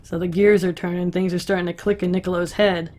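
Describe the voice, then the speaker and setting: A woman's voice: lowish voice, little pitch movement, fast talker, mellow. A woman casually recapping a story with profane, wry asides. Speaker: recap host.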